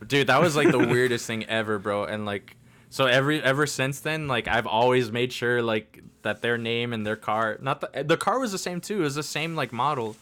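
A man's voice: medium pitch, normal speed, fairly bright tone. A man co-hosting a podcast, telling a rambling story in casual chat, swearing and laughing as he goes. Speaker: podcast co-host.

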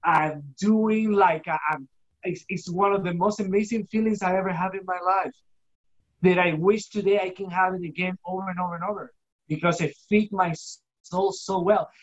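A guest giving an emotional personal testimony, halting and repeating words for emphasis, acting out remembered dialogue. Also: fairly even intonation, dull audio. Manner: acts out quoted dialogue with shifting pitch. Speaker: guest telling a personal story.

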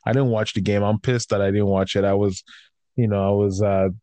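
A man's voice: lowish voice, little pitch movement, brisk, warm tone, no room sound. Exasperated man ranting, dry close sound. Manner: heated, profane, exasperated ranting; swings between raised outbursts and tired grumbling. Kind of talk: casual ranting chat.

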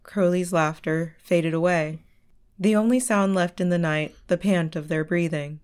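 A woman narrates a story in a measured audiobook reading. Her voice is smooth and resonant and sits a little low. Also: darkish tone.

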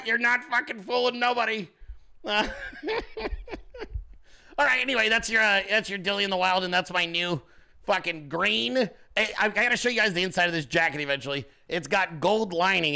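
A man's voice: high voice, creaky, bright, forceful tone. A man hosting a podcast, ranting and mocking in a casual, profane way. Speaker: podcast host.

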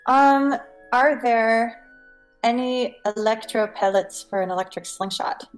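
A woman with a fairly high voice playing a tabletop game. She asks a stream of curious questions and giggles between them. Faint music plays underneath. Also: unhurried, low-quality recording.

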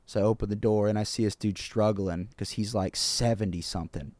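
A man co-hosting a podcast, telling a story in a relaxed, unhurried way. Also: fairly low pitch, no echo. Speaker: podcast host. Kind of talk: casual chat.

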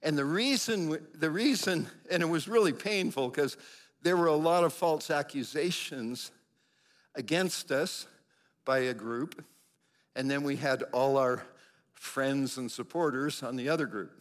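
Middle-aged man, pastor, sermon storytelling, slightly high voice, lively delivery. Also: measured pace. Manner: animated storyteller, acts out quotes with big pitch jumps.

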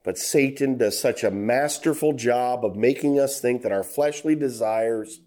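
A middle-aged man preaching a sermon, telling a story with acted quotes and climbing to loud, emphatic high passages. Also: unhurried.

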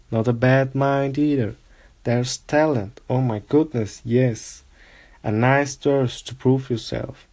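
A man's voice: mid-range voice, darkish tone. A man voicing the Sorting Hat, pondering. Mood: musing. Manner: musing, drawn-out and pondering. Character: old magical talking hat, wise and probing. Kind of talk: storybook reading.

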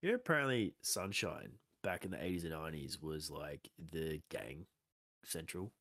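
A man's voice: rumbling low, lively intonation, normal speed, a bit bright, no room sound, studio quality. A young Australian man telling rambling, sweary stories as a podcast co-host. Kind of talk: casual chat.

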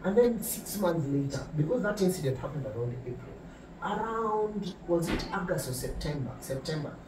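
A young man with a Kenyan accent telling an animated story in casual podcast chat, slipping between English and Swahili. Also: fairly high pitch, moderate pace. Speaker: podcast co-host. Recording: echoey room, distant mic, faint noise.

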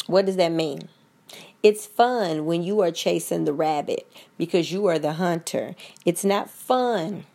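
A woman's voice: on the low side, vocal fry, a little mellow. A woman giving a blunt, profane, preachy rant straight to her listeners in casual podcast style. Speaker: commentator.

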